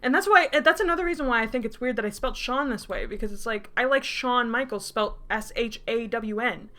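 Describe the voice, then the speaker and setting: A woman's voice: a little high, brisk, sharp tone. A woman in her twenties reading her old writing aloud, breaking off for laughing, mocking and sarcastic asides. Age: 20s. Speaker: YouTuber.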